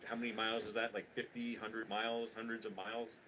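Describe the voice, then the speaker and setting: A man's voice: fairly low pitch, a little fast. A man from Utah co-hosting a podcast, telling a long rambling story in casual chat with plenty of swearing. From Utah, USA. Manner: rambling, profane, animated storyteller. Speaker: podcast co-host. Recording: dull lo-fi podcast audio with faint noise.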